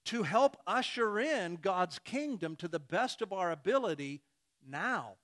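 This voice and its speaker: A man's voice: sits high, lively intonation, a little slow, fairly bright tone. A man preaching a sermon who acts out imagined dialogues and chuckles between points.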